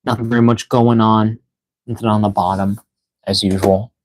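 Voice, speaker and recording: At normal speed and in a level tone, a man with a fairly low voice hosts a toy unboxing live stream, sounding tired, yawning, and out of breath. He rambles casually with many fillers and reads the chat aloud over slight background noise.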